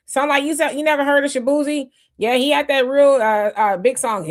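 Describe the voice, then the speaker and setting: A woman's voice: high voice, brisk. A woman co-hosting a live stream in casual talk, reading viewer comments aloud and greeting people by name. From United States. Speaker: livestream co-host.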